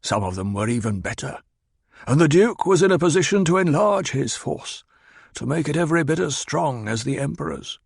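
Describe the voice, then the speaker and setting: A man's voice: on the high side, animated, moderate pace, gravelly, breathy edge, no echo, studio quality, voice pushed up, full character voice. A man voicing a shrewd, bitter old spymaster who speaks in a clipped, coldly insistent way.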